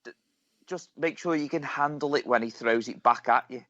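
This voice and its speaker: A man's voice: mid-range voice, normal speed, a bit bright, no room sound. A man hosting an interview, making blunt, offhand remarks in casual chat. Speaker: interview host. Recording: dry, dull lo-fi audio.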